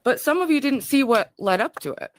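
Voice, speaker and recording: A woman's voice: sits high, expressive, fairly quick, no room sound. Scattered woman livestreamer, dry sound. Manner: scattered and rambling. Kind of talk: casual livestream talk.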